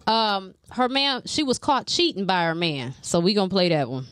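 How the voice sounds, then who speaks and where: A woman's voice: medium pitch, moderate pace, very noisy. A woman hosting a podcast, teasing and setting up clips in casual banter. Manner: teasing, lively, sets up clips. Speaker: podcast host.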